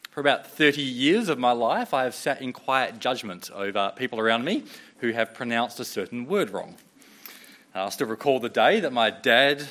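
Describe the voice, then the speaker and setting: Man, thirties, pastor, sermon, conversational, lively pitch. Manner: conversational, animated storytelling.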